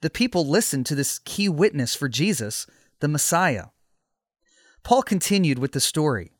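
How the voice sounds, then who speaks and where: A man narrating a scripted story in a steady, measured way. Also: a little high, no room sound, studio quality.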